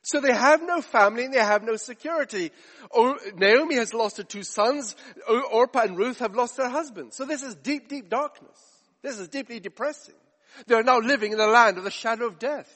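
A man's voice: very high voice, brisk, fairly bright tone, in a large hall. A man preaching a sermon, emphatic with rhetorical questions and repetition.

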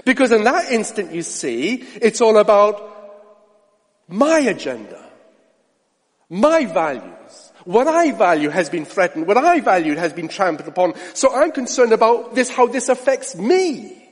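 Male preacher, high animated voice, sermon with rhetorical questions and hushed asides, long hall reverb. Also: a little slow, breathy edge.

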